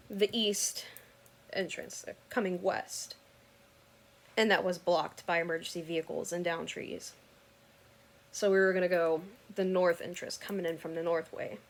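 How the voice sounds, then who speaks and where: A woman earnestly recounting a personal story in casual, rambling talk that often corrects itself mid-sentence. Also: medium pitch.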